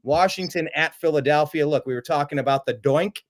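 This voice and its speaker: A man hosting a casual sports chat, animated and quick to mimic other voices in his stories. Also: fairly high pitch. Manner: animated, jumps into mocking voices. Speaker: host.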